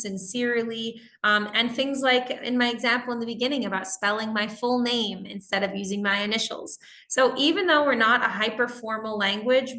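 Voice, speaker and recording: A woman with a bright, fairly high voice teaches a live webinar over a computer microphone. She talks in a chatty, explaining way, working through examples and answering chat questions. The room sounds roomy, with audible echo. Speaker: webinar instructor.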